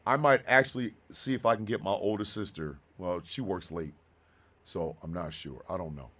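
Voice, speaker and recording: A man in his fifties hosting a radio show, talking slowly and with deep feeling about personal loss. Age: 50s. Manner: heartfelt, slow and halting, then bursts of loud excitement. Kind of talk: emotional monologue.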